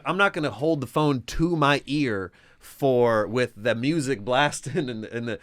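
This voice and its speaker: A man's voice: medium pitch, a bit bright, clean tone. A man, a comedian guest on a podcast, rambling through profane complaints in casual chat.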